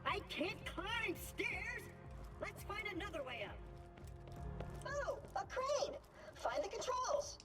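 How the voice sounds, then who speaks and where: An actor voicing a small, cheerful, whiny male robot in a video game, with a high, buzzing robotic filter. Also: big pitch swings, takes it slowly, long pauses, pushed and bright, soft background music, exaggerated voice. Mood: plucky.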